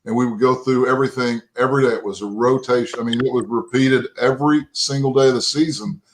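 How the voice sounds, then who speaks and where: This former pro football lineman, a Texas man in his fifties, tells wandering, down-home stories in an interview, sprinkling in "right?" and "you know" along the way. He talks quickly at a medium pitch with fairly even intonation. There's a little hiss or hum, and the audio is poor.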